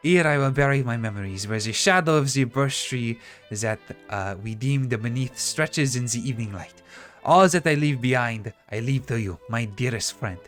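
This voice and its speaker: A man's voice: medium pitch, very animated, takes it slowly, few pauses. A refined lady vice principal from a fantasy game, voiced by a man reading the dialogue. She speaks with a put-on French accent, slipping in French words, and has a polished, confiding manner. Faint music sits in the background. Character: snooty vice principal woman, curious, refined.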